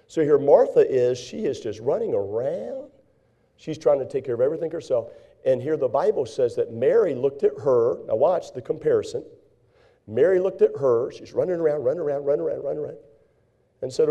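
Gravelly, dark-voiced man preaching a folksy sermon. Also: mid-range voice, brisk. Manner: folksy, animated preaching with acted-out frantic voices. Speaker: pastor.

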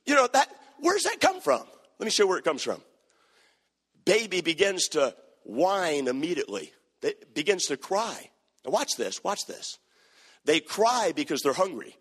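A man preaching a sermon as pastor, swinging from quiet asides to sung, shouted cadences. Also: high voice, wildly swooping pitch, normal speed, slightly rough. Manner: preaching with rising shouts and sing-song cadence. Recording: long hall reverb.

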